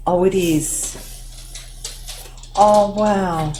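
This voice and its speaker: Woman crafting vlogger, unhurried, emotional, excitable unboxer; faint background noise. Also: medium pitch. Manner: gushing, excitable, many oohs and wows. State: tearful. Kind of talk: unboxing vlog chat.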